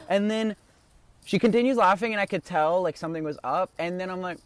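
A man's voice: high-pitched, a little fast, clean tone, no room sound. Young man, casual podcast co-host, storytelling, lots of "like", standing with friends. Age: teens to young adult. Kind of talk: casual chat.

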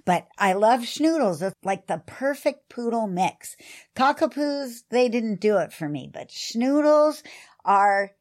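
A woman's voice: on the high side, expressive, slow pace, darkish tone. A woman podcast co-host with a dog-training background, chatting in an enthusiastic, encouraging way. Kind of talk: casual chat.

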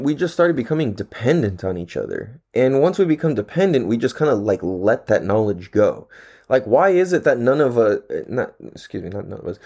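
A man's voice: mid-range voice, a little mellow. A man talking to the camera in a casual, rambling monologue, laid-back and full of profane slang, his throat a little dry. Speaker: vlogger.

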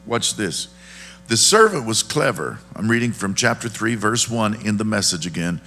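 A man's voice: fairly low pitch, big pitch swings, normal speed, bright, forceful tone, a little hiss or hum. A man preaching a conversational, folksy sermon, often checking in with the congregation. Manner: folksy, asks the congregation questions. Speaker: pastor.

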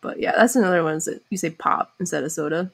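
A young woman with a Minnesotan accent talks casually, with frequent laughs and hesitant fillers. Her voice has lots of gravelly fry and a husky edge. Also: low voice, fast talker. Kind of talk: casual chat.

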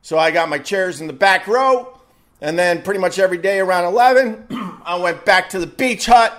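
A man telling a casual anecdote in an exasperated, swearing rant full of quick restarts. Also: high voice, a bit bright. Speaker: storyteller.

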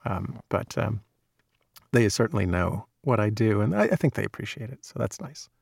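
Male audiobook narrator, relaxed and self-deprecating; low, gravelly, dry studio sound. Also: moderate pace, dry recording. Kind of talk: casual interview chat.

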